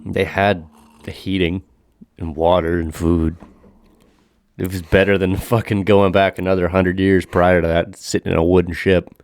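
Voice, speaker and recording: A man with a low, smooth and resonant voice chats on a podcast, crude, swearing and quick to joke. He sounds close and dry, with almost no room around him. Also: flat delivery, darkish tone, dry recording. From Canada. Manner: crude, profane and joking, explains things at length. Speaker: podcast co-host. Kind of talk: casual chat.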